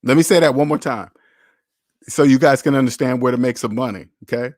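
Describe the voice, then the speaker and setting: A man's voice: mid-range voice, brisk, darkish tone, no echo, clean studio sound. A man hosting a casual livestream about money, talking bluntly and with lots of swearing, acting out both sides of phone calls. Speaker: finance channel host.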